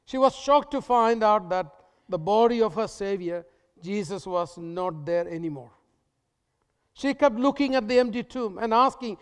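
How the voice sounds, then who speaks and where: A man preaching a sermon as pastor, emphatic and repetitive with dramatic pauses. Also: sits high, expressive, clean tone, long reverb tail.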